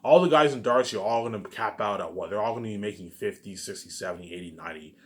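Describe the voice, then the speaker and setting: Low-voiced, fast-talking man ranting. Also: fairly bright tone. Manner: repetitive, profane, keeps asking "you know what I'm saying"; heated, restarts and stammers often. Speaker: vlogger. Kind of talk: rambling personal monologue.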